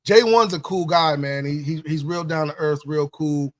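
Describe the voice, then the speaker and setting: A livestream host with a slightly high voice speaks at normal speed in a casual chat. He's laid-back, repeats his phrases, and keeps saying "you know what I'm saying."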